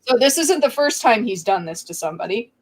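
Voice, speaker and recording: A woman's voice: a little high, big pitch swings, fairly quick, poor audio. A woman co-hosting a podcast, retelling film scenes in casual chat and briefly acting out the characters' lines. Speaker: podcast co-host. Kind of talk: casual movie recap chat.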